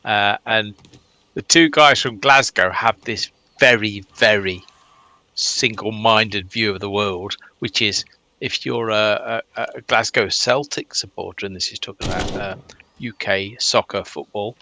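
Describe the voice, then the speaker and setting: A blunt English man chats while playing a game, his low voice gravelly with a bright, cutting edge. The sound is dry and close, with no room around it. He swears freely and laughs easily. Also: measured pace, no echo. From England. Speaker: gamer. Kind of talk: casual gaming chat over voice comms.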